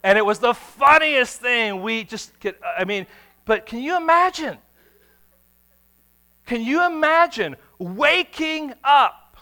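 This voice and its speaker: A man preaching a sermon, telling stories with dramatic swings between hushed, quiet passages and sudden shouts. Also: extremely high pitch, expressive, slow pace. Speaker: pastor.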